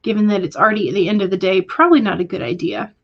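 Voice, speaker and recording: A woman's voice: mid-range voice, rapid-fire, lo-fi sound. Woman host reading out stream chat. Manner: reads viewer comments aloud and responds warmly; hesitant, with frequent fillers. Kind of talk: casual livestream chat.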